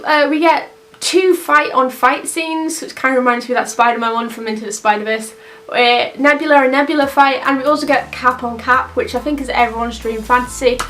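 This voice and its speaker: A young woman giving a casual, rambling film review, excitable and swearing freely. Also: sits high. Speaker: movie reviewer.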